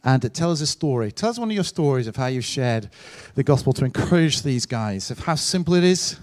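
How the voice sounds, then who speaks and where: A man's voice: mid-range voice, lively intonation, a little fast, darkish tone, no room sound. A man leading a church service as pastor, encouraging the congregation. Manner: encouraging, exhorting. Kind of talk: sermon.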